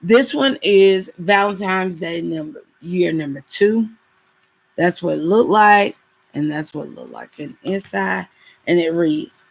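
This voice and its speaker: A woman's voice: on the low side, measured pace, vocal fry, poor audio. A woman hosting a live stream, chatting casually with viewers and reading greeting cards aloud. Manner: chatty, addresses viewers directly.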